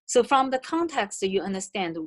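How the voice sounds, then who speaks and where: A woman's voice: mid-range voice, big pitch swings, normal speed. A woman with a Chinese accent, a native Chinese speaker presenting an online language lesson, explaining carefully with many fillers and restarts. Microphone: video call.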